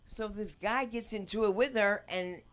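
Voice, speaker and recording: A woman's voice: mid-range voice, moderate pace. Older woman, stand-up comic, brash rambling stories, acts out quotes, mid-range voice. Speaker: stand-up comedian. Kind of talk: open-mic stand-up storytelling. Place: comedy club stage.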